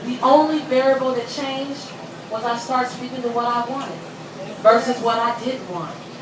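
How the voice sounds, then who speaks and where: A high-pitched, middle-aged woman delivering a motivational talk to a responsive crowd, her voice ringing through a large, reverberant hall. She tells stories energetically, jumps up in pitch when acting out quoted voices, and pulls the audience into call-and-response chants. She sits well back from the microphone, with crowd murmur and noise around her. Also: moderate pace. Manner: animated storytelling, leading the crowd in call-and-response. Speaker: motivational speaker. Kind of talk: live motivational speech. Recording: echoey hall, distant mic, audience noise.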